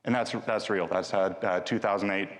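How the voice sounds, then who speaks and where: A man's voice: on the low side, steady tone, a little fast, very noisy. A man giving a live conference talk with a demo, chatty and joking, often restarting his sentences. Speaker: conference speaker. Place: large conference hall. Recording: long hall reverb.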